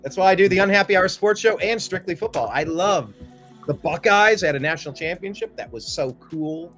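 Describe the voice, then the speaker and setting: A man hosting a political talk show, from the Cleveland area, excitable and jokey, prone to loud outbursts. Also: high-pitched, fairly quick, faint music behind. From Cleveland, Ohio area. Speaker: show host.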